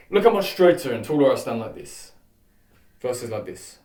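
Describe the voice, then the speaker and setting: A young man hosting a self-improvement vlog, coaching viewers through posture exercises in a casual, energetic way. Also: medium pitch, moderate pace.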